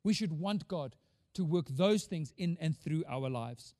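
Emphatic high-voiced pastor preaching. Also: male voice, expressive, measured pace, warm tone, no room sound, studio quality, long reverb tail. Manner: emphatic, rhetorical questions, repeats words. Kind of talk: sermon.

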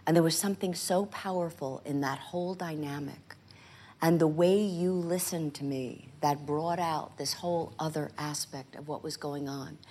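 An older woman on stage telling animated stories about acting work, often acting out quoted lines. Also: sits low, moderate pace. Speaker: guest actress in a stage conversation. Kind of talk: conversational storytelling. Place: stage before a live audience.

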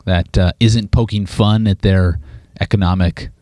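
A podcast host from Canada trades playful, self-mocking banter with his guest. His voice sits on the low side. The sound is close and dry, recorded in a studio. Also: steady tone, a little slow, warm tone, no echo. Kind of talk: casual interview chat.

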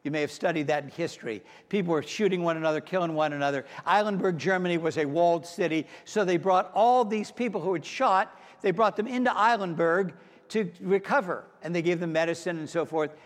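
A male pastor preaching a sermon in a church sanctuary, telling stories in an animated way and acting out honking horns. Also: high voice, a little fast. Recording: long hall reverb.

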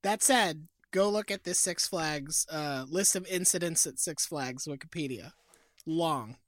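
Dry sardonic woman, low voice. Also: unhurried, no room sound. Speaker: podcast co-host. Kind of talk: casual chat.

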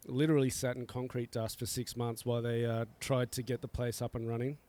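A middle-aged man with a smooth, clean voice chats easily as a guest on an outdoor podcast. He rambles in a relaxed way, dropping fillers and chuckling often. His pitch sits at an ordinary middle height. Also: a little fast. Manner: laid-back, chuckling, many fillers. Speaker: coffee roaster guest. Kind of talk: casual podcast chat.

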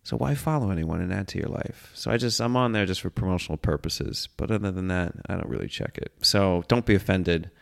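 A man's voice: low voice, a little fast, vocal fry, hardly any pauses. A man, hosting a casual comedic monologue in a rambling, profane, self-mocking way. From United States. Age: 30s. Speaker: podcast host.

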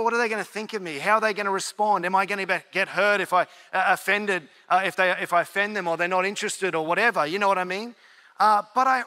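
Male pastor, sermon, high bright voice, earnest conversational storytelling, reverberant hall. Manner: storytelling with quoted inner dialogue, earnest and conversational.

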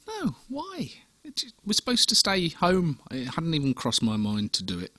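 A man's voice: a little high, wildly swooping pitch, moderate pace, bright, forceful tone, dry recording. A man co-hosting a casual podcast chat, laughing easily and stumbling over restarts. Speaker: podcast co-host.

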